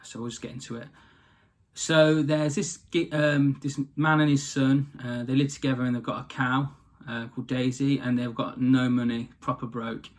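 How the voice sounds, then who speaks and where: A man's voice: medium pitch, flat delivery, moderate pace. A man casually telling a fairy tale, in a rambling, chatty way that often corrects itself. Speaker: storyteller. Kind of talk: casual storytelling.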